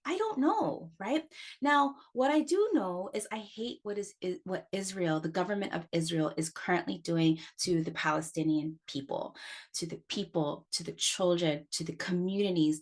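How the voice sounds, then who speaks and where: A middle-aged woman, an astrologer hosting her own podcast, talking frankly and with passion in a personal monologue, cursing, restarting phrases and jumping up sharply in pitch for emphasis.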